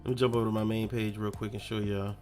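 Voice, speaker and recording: Over faint background music, a young gaming streamer speaks in a fairly low, level, slightly mellow voice at a fast clip. He chats casually in slang, rambles from topic to topic, and talks to himself a lot.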